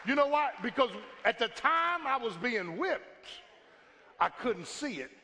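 Male pastor, bright high voice, call-and-response sermon in a reverberant church hall. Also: big pitch swings, measured pace, some chatter behind, slight background noise. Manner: call-and-response preaching, asks for a witness; builds to shouts, then drops to a hush. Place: church sanctuary. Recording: long reverb from a large hall.

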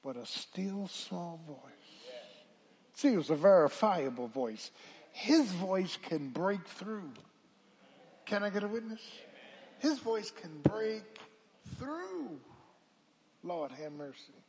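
A man pastor a sermon, swinging from hushed talk to loud calls and asking the congregation to answer back. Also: high-pitched, big pitch swings, slow, pauses often, husky. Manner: preaching with call-and-response, swelling from hushed to loud.

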